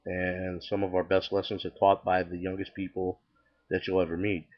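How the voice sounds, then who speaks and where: A man's voice: low-pitched, completely flat delivery, normal speed, dull audio. An older man casually telling his personal faith testimony, chatty and acting out the dialogue with many restarts. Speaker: storyteller sharing his testimony.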